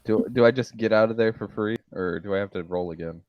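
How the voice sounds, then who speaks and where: An eager man playing a tabletop game, pushing his plans on the group in a bossy way. His voice sits fairly low. It comes through a dull, dry, lo-fi mic. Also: fast talker, dry recording. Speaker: player.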